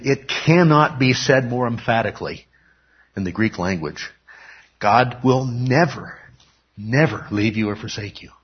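A man's voice: medium pitch, slightly rough. A man teaching a Bible lesson in sermon style, emphatic, asking questions and answering them himself. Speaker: pastor teaching a Bible class. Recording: dull lo-fi recording.

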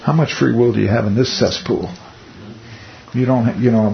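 A man leading a Bible study with a relaxed, conversational delivery. He peppers the teaching with rhetorical questions and wry asides. The recording is muffled and lo-fi, with a faint hiss underneath. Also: mid-range voice, moderate pace, creaky.

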